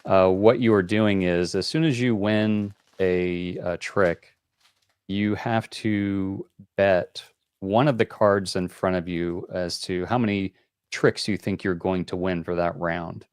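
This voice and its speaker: A man's voice: sits low, steady tone, takes it slowly, clear, resonant tone, no echo. A man hosting a board game call-in show, explaining rules in a rambling, casual way with many fillers.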